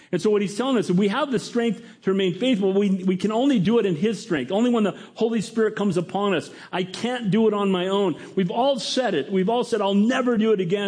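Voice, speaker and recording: Guy pastor preaching, kinda high voice, lively, does little voices for the quotes. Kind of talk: sermon.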